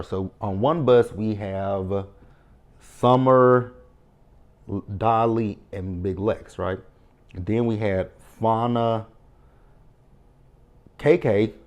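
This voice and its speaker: A man's voice: fairly low pitch, darkish tone. A man hosting a casual reality show recap, sassy and blunt, talking back to the cast and swearing freely. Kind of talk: casual commentary vlog.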